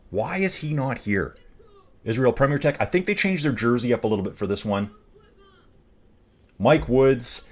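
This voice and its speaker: A man hosting a live stream, talking casually with rambling, jokey asides. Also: on the low side. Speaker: cycling stream host.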